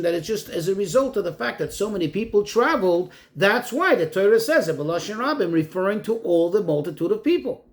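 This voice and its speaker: Lively high-voiced rabbi teaching a class. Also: male voice. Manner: poses questions then answers them, reads Hebrew phrases and translates. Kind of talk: explanatory Torah lesson.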